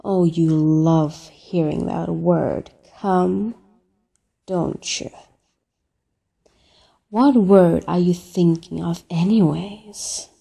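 A woman drawls through a flirty phone-call role-play, teasing and playful. Her voice is soft and breathy, with a mellow, dark tone. She lets each word hang. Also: lowish voice, fairly even intonation. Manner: teasing, playful, drawn-out words.

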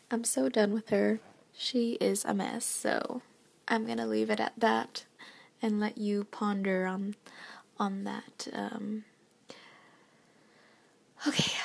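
A young woman giving a rambling, halting late-night rant that is often whispered and self-deprecating. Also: mid-range voice, creaky, a little mellow, breathy edge. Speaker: vlogger.

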